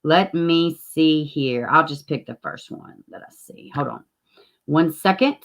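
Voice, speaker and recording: A woman's voice: sits low, expressive, unhurried, vocal fry. Chatty woman hosting a live stream. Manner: chatty, greets viewers by name, swears freely. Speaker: livestream host. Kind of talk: casual live-stream chat.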